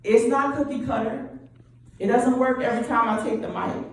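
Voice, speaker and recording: A woman's voice: on the high side, moderate pace. Woman speaking in an echoey church hall. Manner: lively, interactive, keeps asking the audience questions. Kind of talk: motivational talk to an audience. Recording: roomy echo, distant mic, faint hum.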